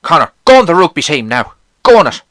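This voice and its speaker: A man's voice: fairly high pitch, very animated, quick pace, a bit bright, no echo, studio quality, pitched above the performer's own voice. A man voicing a pushy young male sports teacher who badgers him in a hearty way. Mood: badgering.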